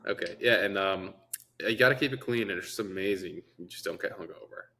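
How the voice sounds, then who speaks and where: A man co-hosting a podcast in casual chat, tossing out deadpan jokes and banter. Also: low voice, fairly quick. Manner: joking banter, deadpan quips. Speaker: podcast co-host.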